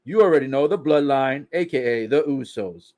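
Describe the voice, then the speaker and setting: A man's voice: mid-range voice, animated, normal speed, darkish tone. A man casually recapping a wrestling broadcast, swearing, joking in slang and laughing often. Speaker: wrestling show reaction commentator.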